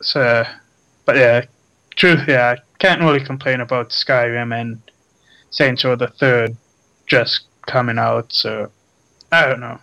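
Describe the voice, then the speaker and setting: Slow-talking man in casual gaming chat. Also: medium pitch, creaky, poor audio. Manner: relaxed, trailing off with filler words. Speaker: podcast co-host.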